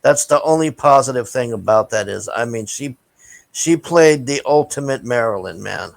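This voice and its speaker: A man's voice: mid-range voice, expressive, normal speed, vocal fry, no room sound, poor audio. A man giving a casual, rambling movie review, blunt and profane, with lots of fillers and restarts. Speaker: vlogger reviewing a film.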